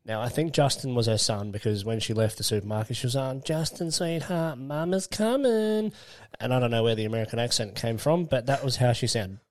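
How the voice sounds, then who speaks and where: This podcast co-host, a man in his late 20s, rambles through a crude story in a casual conversation, laughing while he tells it. He talks fast with few pauses, in a fairly low voice with fairly even intonation.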